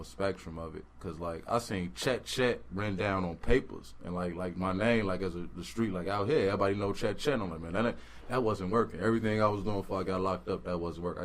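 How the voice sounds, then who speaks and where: A young man talks as a guest on a podcast. His voice is very low, and his words come quickly. He sounds laid-back, and a faint noise hums behind him. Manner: laid-back, affirming, says yes sir. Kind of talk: casual chat.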